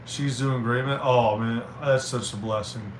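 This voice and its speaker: A man streaming live, chatting casually and reading viewer messages aloud with halting restarts. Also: mid-range voice, fairly even intonation. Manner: rambling, reads chat aloud, halting restarts. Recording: roomy with faint noise.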